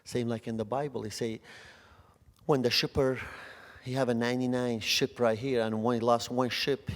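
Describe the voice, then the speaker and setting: A man's voice: mid-range voice, flat delivery. Man preaching into a reverberant hall. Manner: halting, repeats words, swings between loud and soft. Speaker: youth speaker. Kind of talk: testimony sermon. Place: church hall.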